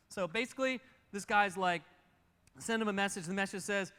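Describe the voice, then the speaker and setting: A man preaching a sermon as pastor, telling the story fast and animatedly and acting out the characters. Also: high-pitched, sharp tone, smooth, in a large hall. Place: church auditorium.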